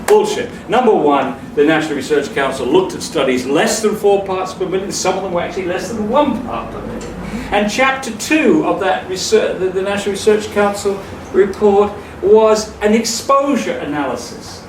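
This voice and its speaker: A man's voice: high-pitched, lively intonation, normal speed, few pauses. A man giving a public lecture in a hall, emphatic and scornful, laughing at his own jokes. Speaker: speaker. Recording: echoey hall from far off, noisy.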